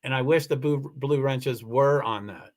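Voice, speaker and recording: A man's voice: medium pitch, measured pace. A man hosting a livestream and answering viewer comments, rambling and upset, with many restarts, close to tears. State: emotional, near tears. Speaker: livestream host. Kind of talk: casual livestream chat reading comments. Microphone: computer mic for a live stream.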